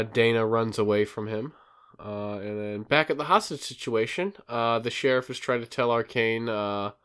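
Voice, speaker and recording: A man's voice: lowish voice, a bit bright, clean tone. A man casually recapping a show's plot, acting out lines and using many fillers. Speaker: podcast host recapping a show. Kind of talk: casual chat.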